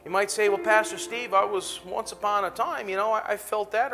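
A man's voice: high voice, steady tone, brisk, few pauses, music in the background. A man preaching as pastor in a church auditorium, laughing often and calling out to the congregation. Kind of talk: sermon and altar call.

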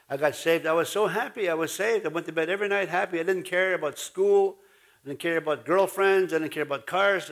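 A man's voice: a little high, a bit bright. A man preaching a sermon in a folksy way, with an Ojibwe-influenced Canadian accent, joking with the congregation and calling for responses. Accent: Ojibwe-influenced Canadian English. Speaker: pastor.

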